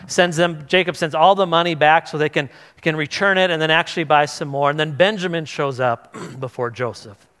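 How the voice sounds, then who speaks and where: In a church hall with long reverb, a pastor whose voice is on the high side and a bit bright speaks fairly quickly. His sermon retells a scripture story in a casual style, full of restarts, as he acts out the characters' voices.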